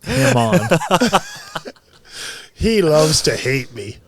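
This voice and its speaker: A man's voice: on the high side, sing-song, very slow. A man who coaches boxing, talking bluntly and with lots of swearing in a casual podcast chat, often heated.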